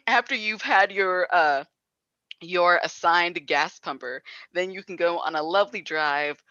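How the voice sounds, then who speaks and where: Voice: medium pitch, measured pace, sharp tone, no room sound, highs cut off. An interview guest from New Jersey chatting casually, rambling through memories with lots of fillers and laughs.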